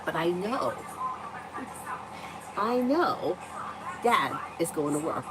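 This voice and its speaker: Chatty, laughing woman with a lively voice. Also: mid-range voice, takes it slowly, pauses often, music in the background, poor audio. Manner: chatty, animated, laughs often, swears freely. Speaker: tarot reader and livestream host. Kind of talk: casual storytelling and tarot reading.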